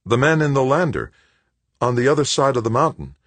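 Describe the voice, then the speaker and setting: A man voicing an injured young man who speaks in a strained croak. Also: medium pitch, sing-song, fairly quick, no room sound, voice pushed up. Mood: weak.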